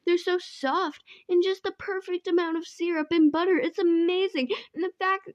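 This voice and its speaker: A woman's voice: very high-pitched, steady tone, moderate pace, dry recording, muffled recording. A young woman reading a fanfic aloud in a casual way, often giggling as she goes. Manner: giggly, often breaks into laughter. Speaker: fanfic reader.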